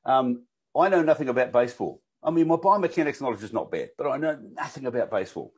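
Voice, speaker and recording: A man's voice: mid-range voice, lively intonation, fast talker, darkish tone, husky. An older man with a New Zealand accent, a guest talking casually and telling coaching stories with casual swearing. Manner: chatty, with frequent restarts and casual swearing. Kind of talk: casual conversation and storytelling.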